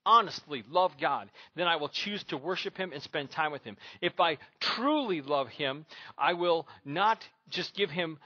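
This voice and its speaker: A man's voice: on the high side, unhurried, pushed and bright, dry recording, dull audio. A man preaching a sermon as pastor, emphatic and repetitive.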